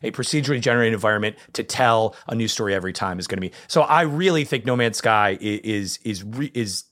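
A man co-hosting a casual gaming chat show, excitable and rambling, his voice leaping up when he gets animated. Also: fairly low pitch, fast. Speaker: podcast co-host.

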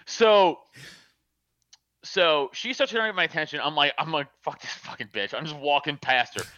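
A man's voice: a little high, expressive, normal speed, sharp tone, dry recording, dull audio. A man telling a profane, laughing story in casual chat.

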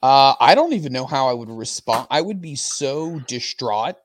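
A man's voice: mid-range voice, expressive, normal speed. A man hosting a casual chat, making wry, crude asides. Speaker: host.

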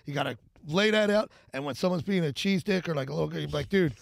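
A man with a very gravelly, slightly high voice rambles through crude, swear-heavy banter. He laughs often as he talks. The sound is dry and close, with no room echo. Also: fast. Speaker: podcast guest.

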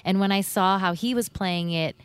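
A woman's voice: mid-range voice, normal speed, clear, resonant tone, no room sound. Playful woman in podcast chat. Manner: playful, giggly. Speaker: podcast co-host. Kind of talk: casual book-club chat.

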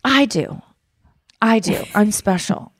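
A woman hosting a podcast in casual chat, animated and self-mocking, swearing freely. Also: medium pitch, takes it slowly, no room sound, studio quality. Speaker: podcast host.

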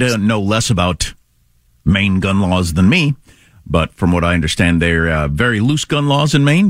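A middle-aged man co-hosting talk radio, rambling casually through opinions and stories. His pitch swoops up and down as he talks. The sound is close and dry. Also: a bit bright, no echo. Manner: rambling, conversational storytelling.

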